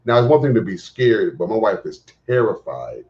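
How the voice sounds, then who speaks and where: Older-sounding guy w a low voice hosting a live show, gets loud n animated, muffled call audio. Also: normal speed. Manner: animated storyteller, laughs and exclaims. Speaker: morning show host. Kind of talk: casual live-stream chat.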